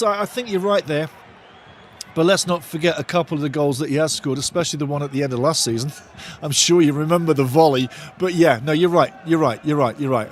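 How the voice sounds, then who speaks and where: Hosting a live watch-along of a football match, this man commentates eagerly, shouts when big moments hit, reads viewer comments aloud and repeats his phrases a lot. His pitch leans high, and there's a faint hiss or hum.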